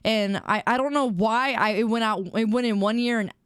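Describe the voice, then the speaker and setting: Young female streamer, casual chat, giggly and self-mocking, clear voice, dry close sound. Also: on the high side, moderate pace, dry recording. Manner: chatty, giggly, self-deprecating storytelling.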